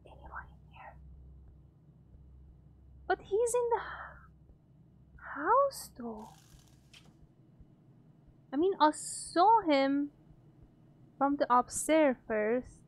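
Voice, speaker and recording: A woman's voice: sits high, big pitch swings, extremely slow, pauses often. A young woman giving nervous, gasping commentary while playing a horror game. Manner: frightened, gasping, nervous laughter. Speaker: gamer streamer.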